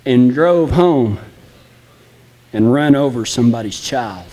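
A man's voice: mid-range voice, lively intonation, slow pace, mellow, long reverb tail. A man preaching an impassioned, folksy sermon that speaks straight to the congregation. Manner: impassioned, folksy and direct, acting out flippant apologies.

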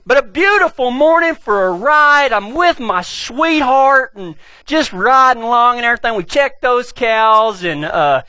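A middle-aged man with a West Texas accent, a pastor telling a humorous story in an animated, folksy way. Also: very high-pitched, a little slow, no room sound.

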